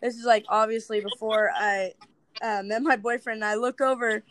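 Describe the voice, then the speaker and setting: Young woman guest, high voice, chatty storyteller who laughs a lot, close dry sound. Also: normal speed, no room sound, poor audio. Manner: chatty, laughs often, animated quoting. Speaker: interviewee, video creator. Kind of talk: casual interview storytelling.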